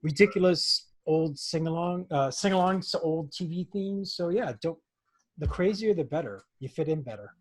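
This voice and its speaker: A man's voice: fairly high pitch, animated, normal speed. An American man hosting a casual video call chat, joking and upbeat. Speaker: stream host.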